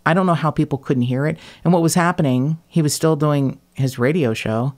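Woman, podcast host, casual chat; animated, blunt, swears freely, laughs mid-sentence. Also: low voice, fairly quick.

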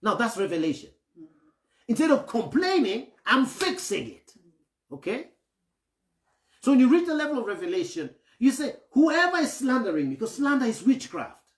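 A man delivers a sermon with a pitch that swings widely, rising and dropping as he makes each point. He keeps pausing to ask whether the congregation is following him. His voice echoes around a reverberant hall. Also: very animated. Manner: asks the congregation for assent often; acts out grumbling voices to illustrate. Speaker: preacher.

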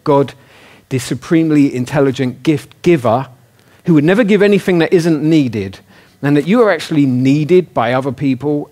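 A man's voice: medium pitch, darkish tone. A man preaching a sermon in a casual, conversational way, often asking his listeners questions. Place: church hall.

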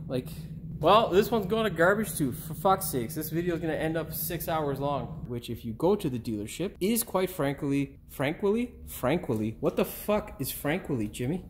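Working in his driveway with background noise around him, a tired middle-aged auto repair host speaks to the camera in a slightly high voice. These casual DIY outtakes show him short on sleep, cursing often, muttering, and restarting what he says.

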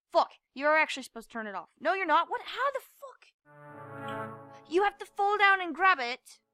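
A young woman playing a game and commenting, frustrated, swearing and yelling at it. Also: high-pitched, no room sound. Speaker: gamer. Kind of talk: gameplay commentary.

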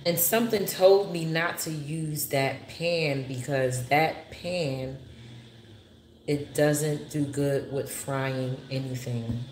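A woman's voice: low voice, slow pace, slight background noise. A woman chatting casually to her viewers while she cooks, calling them y'all. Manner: chatty, talks to viewers as y'all, grows frustrated. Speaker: cooking vlogger. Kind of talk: casual cooking vlog. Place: home kitchen. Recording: echoey kitchen with loud frying. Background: sizzling pan.

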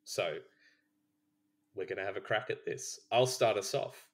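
A man's voice: lowish voice, a little slow. A man co-hosting a board game podcast, talking casually, rambling with restarts and laughing between points. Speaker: podcast co-host. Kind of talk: casual chat.

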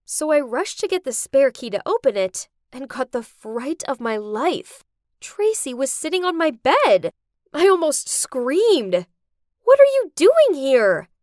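Young woman narrating an animated story, high voice, really dramatic, dry close sound. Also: measured pace, no echo.

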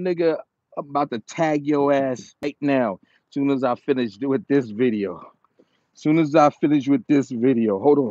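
A man ranting to the camera about his dogs, repeating insults in a slow, taunting manner. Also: mid-range voice, warm tone, dry recording. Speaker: dog breeder and channel owner. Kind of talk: angry rant to camera. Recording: dull lo-fi sound with faint noise.

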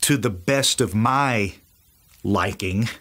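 A man's voice: lowish voice, slow pace, a bit bright. A man with a Southern US accent, teaching from the Bible with enthusiasm and acting out the dialogue. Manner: enthusiastic, acts out quoted dialogue. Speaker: preacher.

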